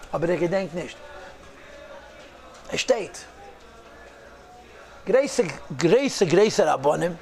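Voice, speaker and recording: High gravelly-voiced man telling a story. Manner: lively storyteller, mixes Yiddish phrases. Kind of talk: storytelling talk.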